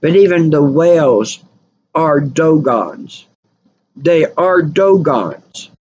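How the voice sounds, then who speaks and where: A woman's voice: low-pitched, lively intonation, takes it slowly, darkish tone, husky. A woman telling stories in a rambling, casual monologue, repeating and correcting herself. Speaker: channel host. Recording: dull lo-fi recording with faint noise.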